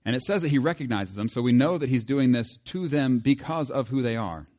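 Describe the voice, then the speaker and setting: A man preaches in a relaxed, conversational way, speaking at a middle pitch. He keeps asking his listeners rhetorical questions and reads a scripture passage aloud. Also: a little fast. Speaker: pastor. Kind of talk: sermon.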